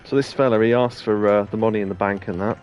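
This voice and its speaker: A man's voice: on the low side, fast, highs cut off, faint music behind. A man co-hosting a let's play, chatting casually and telling rambling anecdotes with plenty of laughs. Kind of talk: casual chat over gameplay.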